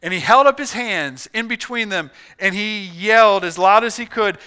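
A male pastor preaching a sermon as a dramatic story, dropping to a hush and then rising loud. His voice is high and very bright, with a smooth, ringing clarity. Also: normal speed, few pauses.

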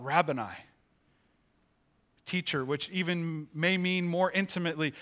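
Slow, hushed dramatic male pastor. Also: fairly high pitch, steady tone. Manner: slow, dramatic delivery that drops to a near hush on key words. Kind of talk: sermon. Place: church.

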